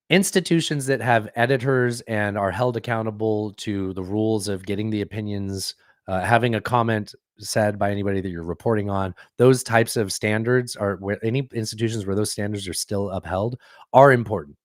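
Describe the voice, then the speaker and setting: Sarcastic podcast host with dry sound. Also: male voice, on the low side, normal speed, dry recording. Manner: sarcastic, does mocking voices. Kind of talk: casual political chat.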